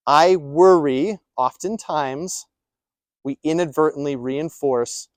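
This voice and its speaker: A man's voice: a little high, slow, no room sound. A man giving a live presentation to caregivers, emphatic, asking rhetorical questions and repeating his points. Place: presentation room.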